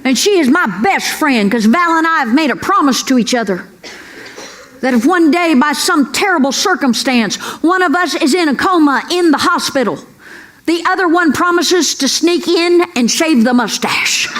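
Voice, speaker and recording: A woman's voice: sits high, animated, moderate pace, a bit bright. A woman comedian doing a brash, folksy stand-up routine on a club stage. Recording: live club with crowd laughter and noise. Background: audience laughter.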